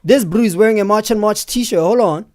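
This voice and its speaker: A man hosting a live stream, giving excitable, chatty commentary on video footage and often breaking off to pause it. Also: high-pitched, a faint crowd. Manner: excitable, chatty, keeps saying "hold on".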